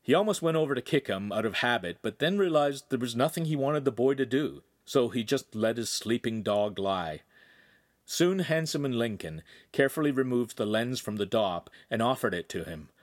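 Man narrating with lively, animated pitch. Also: moderate pace, no echo, clean studio sound. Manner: lively storytelling, voices each character with raised pitch. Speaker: audiobook narrator. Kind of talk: scripted narration.

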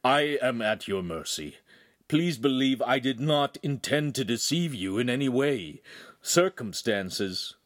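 A man's voice: mid-range voice, lively intonation, measured pace, fairly bright tone, dry recording, studio quality, pitched above the performer's own voice. A man voicing an anxious, proud middle-aged craftsman, dignified and pleading in manner. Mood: glum.

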